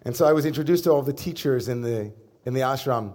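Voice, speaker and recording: Conversational rabbi giving a sermon. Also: male voice, medium pitch, a little mellow. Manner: conversational, humorous, with pauses and fillers. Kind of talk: sermon with personal storytelling. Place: synagogue service before a congregation.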